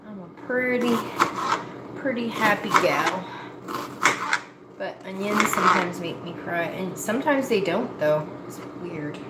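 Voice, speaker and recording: A woman talks in a drawn-out, leisurely way, folksy and poking fun at herself. Her voice bounces around a hard, roomy kitchen, and pots and dishes clatter clearly behind her. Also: medium pitch, lively intonation. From Nova Scotia, Canada. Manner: rambling, folksy, self-mocking. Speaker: cooking vlogger. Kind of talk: casual chat while cooking. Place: home kitchen. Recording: echoey kitchen with cooking noise.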